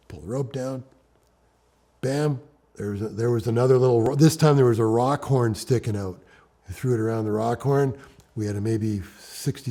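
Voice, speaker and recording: Man, husky, mellow, animated storyteller, hushed to loud, interview. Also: on the low side. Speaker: interviewee, rock climber.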